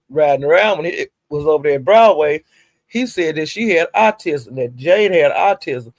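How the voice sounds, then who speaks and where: A woman's voice: low voice, no room sound, clean studio sound. A woman casually recounting gossip, chatty and profane with laughing asides. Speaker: gossip vlogger.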